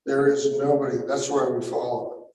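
A man preaching a sermon to a live audience, emphatic and bursting into shouts, with musing asides. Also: mid-range voice, little pitch movement, a little fast. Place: large room with a live audience. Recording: echoey hall, mic far off.

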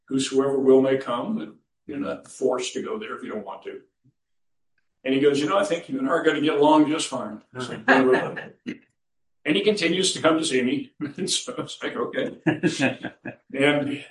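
A man preaching a sermon as pastor, folksy and storytelling, who chuckles at his own anecdotes. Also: medium pitch. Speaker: pastor and counselor. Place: church sanctuary. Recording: roomy church recording from a distance.

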